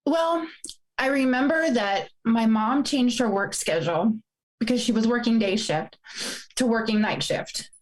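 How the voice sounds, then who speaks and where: A woman's voice: on the high side, a little slow, poor audio. A woman in her forties telling a painful personal story, fighting back tears as she speaks. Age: 40s. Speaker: guest.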